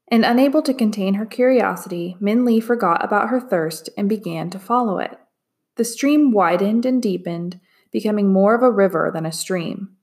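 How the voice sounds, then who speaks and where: A woman narrating a chapter book aloud in a measured, expressive reading. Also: mid-range voice. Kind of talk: storybook read-aloud narration.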